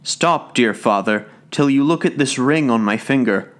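Guy doing a young lady begging her folks to know her, teary and pleading, voice pushed up high. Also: unhurried, fairly bright tone, lightly acted. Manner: pleading, tearful.

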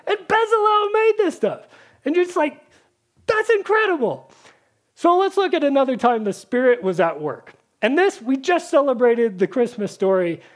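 A woman's voice: high-pitched, very animated, moderate pace. A woman preaching a casual, chatty sermon, full of fillers and acted-out Bible characters.

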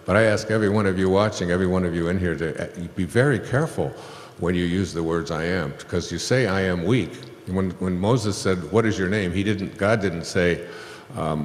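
Casting: man with a low, deep voice, unhurried spiritual speaker, rambling and chuckling, recorded in a reverberant hall before an audience. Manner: rambling, with many fillers and chuckles. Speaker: speaker on stage. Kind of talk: spiritual talk, storytelling.

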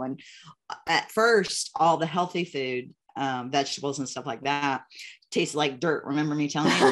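Low-voiced older woman, emotional and candid. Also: normal speed. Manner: emotional, laughs often, animated retelling. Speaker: host. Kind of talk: casual interview chat. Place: video call.

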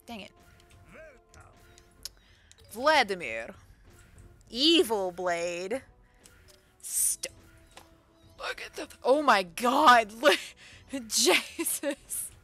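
A woman streaming a video game, chatting casually, laughing often and reacting excitedly to what she finds. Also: a little high, drawn-out words, pauses often, soft background music. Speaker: gaming streamer. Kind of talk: casual let's-play commentary.

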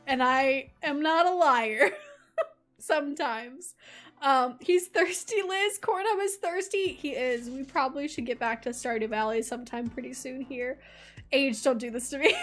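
A woman's voice: high voice, a little slow, fairly bright tone, faint music behind. A woman streaming a game, chatting in a bubbly, giggly way and reading the game text aloud. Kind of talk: casual let's-play chat with chat.

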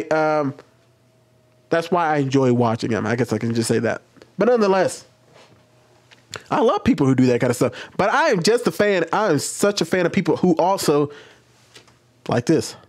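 A man hosting his own channel, giving casual commentary to camera in an animated, passionate way. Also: sits high. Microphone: webcam.

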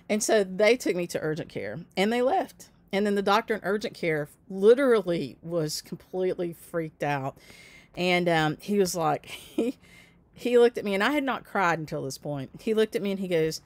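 Lowish and animated, her voice moves at normal speed with no room sound. The fifty-something host of a stitching channel recounts a long personal story to her viewers, often laughing and naming commenters as she responds.

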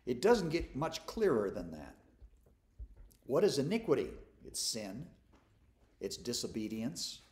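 Male pastor, informal study sermon; folksy and self-mocking, lots of restarts, lively up-and-down delivery. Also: mid-range voice, measured pace, pauses often. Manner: folksy, conversational, self-deprecating humor; stumbles and restarts often. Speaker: pastor leading a Bible study.

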